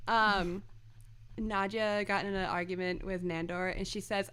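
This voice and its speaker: A woman's voice: medium pitch, measured pace, a bit bright, smooth. A young woman co-hosting a podcast, chatting casually and laughing as she quotes favorite lines. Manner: giggly, quotes lines in character voices. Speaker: podcast co-host. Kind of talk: casual fan chat.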